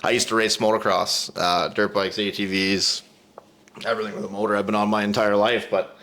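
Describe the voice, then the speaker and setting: A man's voice: lowish voice, flat delivery, a little fast, sharp tone. A man hosting a podcast, telling a rambling, profane story and laughing through it. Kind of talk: casual storytelling.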